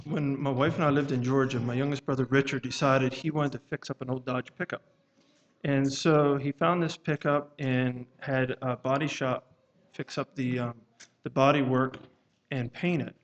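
A man preaching a sermon at a church service, speaking in a measured, halting way and reading scripture aloud in old-fashioned wording. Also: medium pitch, level tone, muffled recording.

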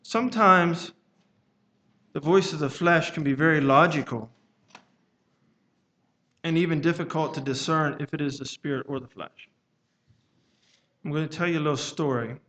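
A man preaching a sermon at a church service, speaking in a measured, halting way and reading scripture aloud in old-fashioned wording. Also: a little high, sharp tone.

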